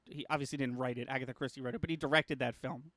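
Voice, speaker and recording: A man's voice: mid-range voice, steady tone, racing, a bit bright, dry recording. A young man co-hosting a casual film podcast, thoughtful and hedging, swearing casually as he lays out his ideas. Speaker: podcast co-host.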